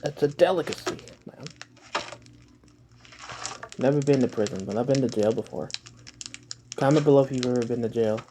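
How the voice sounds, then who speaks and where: A man's voice: mid-range voice, moderate pace, pauses often, noisy background. A man casually reacting to a video at home, rambling, swearing and making self-mocking jokes.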